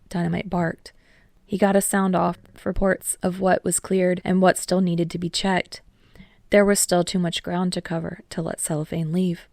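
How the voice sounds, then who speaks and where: A woman narrates a story in a steady, even reading voice. Her tone sits low with a noticeable gravelly fry. The recording is dry and close with no room sound. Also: no echo. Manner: steady storytelling, voicing all characters. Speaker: podfic reader. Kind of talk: scripted narration.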